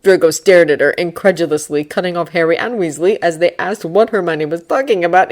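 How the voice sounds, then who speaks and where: A woman reading fan fiction aloud as storybook narration, expressive and animated. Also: lowish voice, fairly quick, few pauses.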